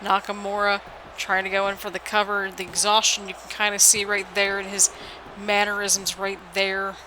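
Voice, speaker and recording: Hushed late-night wrestling game commentator. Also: monotone, normal speed, slight background noise, poor audio. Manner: keeps the voice low and hushed for late-night recording; hype play-by-play with frequent "people" call-outs. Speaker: YouTuber doing play-by-play of a wrestling video game. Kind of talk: solo game commentary in a wrestling announcer manner. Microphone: headset.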